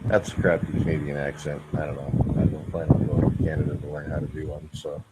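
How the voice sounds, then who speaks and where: A man's voice: rumbling low, monotone, a little fast, heavy background noise. A man in casual voice chat, telling dry, joking stories.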